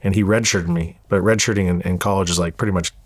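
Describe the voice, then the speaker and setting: A man from Southern California recounts his past as an interview guest, cursing freely and stumbling over repeated words. His voice sits on the low side, heard close and dry with no room sound around it. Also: steady tone, fast, no room sound. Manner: candid, profane, repeats words as he goes. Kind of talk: storytelling interview.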